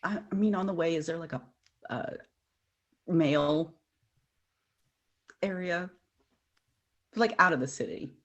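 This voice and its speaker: A woman playing a character in a tabletop game, soft-spoken and hesitant. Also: lowish voice, slow pace, pauses often, highs cut off. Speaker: player.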